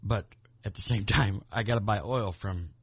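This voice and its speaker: Low-voiced man, rambling podcast talk. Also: normal speed, breathy edge, no echo. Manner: rambling, many restarts and repeated words. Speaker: podcast co-host. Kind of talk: casual political chat.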